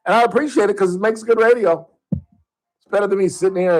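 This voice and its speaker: A man's voice: high-pitched, fairly quick, poor audio. A man hosting a call-in talk radio show, ranting at a caller in a heated, sarcastic way.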